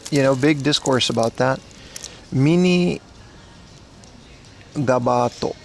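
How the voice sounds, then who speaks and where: A man's voice: medium pitch, slow, creaky, long pauses, a little mellow. A man streaming live while browsing a secondhand electronics shop indoors, rambling and cracking jokes to his chat on a mobile rig. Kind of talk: casual IRL livestream commentary.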